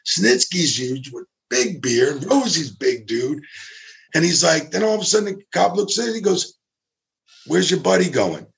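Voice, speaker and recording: A man's voice: a little high, very animated, normal speed, creaky, fairly bright tone. A man casually telling a long story, acting out quotes of the people in it, swearing and laughing as he goes. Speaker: storyteller guest.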